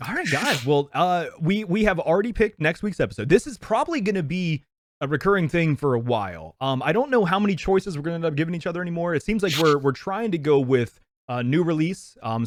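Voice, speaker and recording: A man's voice: a little high, very animated, quick pace. A man co-hosting a movie podcast, chatting casually, laughing easily and often repeating himself. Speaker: podcast co-host. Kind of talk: casual movie review chat.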